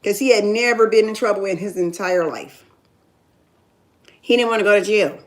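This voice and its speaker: A woman's voice: medium pitch, normal speed. A middle-aged woman telling her own story in casual talk, emphatic and often checking that the listener understands. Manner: emphatic, keeps asking "you understand?". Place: in Ohio.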